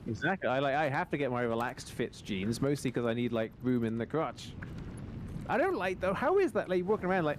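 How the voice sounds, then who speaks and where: A man's voice: mid-range voice, sing-song, fairly quick, a little hiss or hum. A young man streaming a game, chatting casually in a rambling way and acting out quoted lines in funny voices. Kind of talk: casual chat while gaming.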